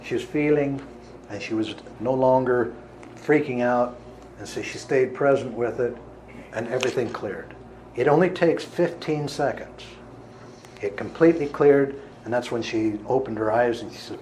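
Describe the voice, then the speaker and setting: A man of middle pitch recounts a healing session in an earnest storyteller's voice. He now and then rises to forceful emphasis. A faint hum of noise sits behind him. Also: normal speed, poor audio. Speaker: healer giving a talk. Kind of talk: storytelling talk to an audience.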